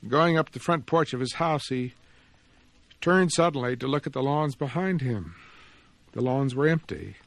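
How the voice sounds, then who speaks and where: A man reads his own story aloud with an expressive, measured storyteller's delivery. His voice sits in the middle range, and the recording is dry and close, with no room sound. He lingers over phrases and shapes each sentence. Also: mid-range voice, gravelly, dry recording. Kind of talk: dramatic reading of fiction and reflective commentary.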